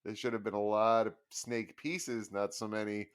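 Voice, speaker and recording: A man's voice: lowish voice, flat delivery, moderate pace, smooth. A man co-hosting a podcast in casual chat, making wry, sarcastic quips about a movie. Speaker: podcast co-host.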